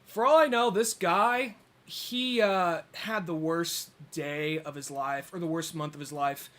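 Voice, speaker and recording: Male podcast co-host, casual and profane storyteller, bright, higher voice. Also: measured pace. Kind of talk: casual chat.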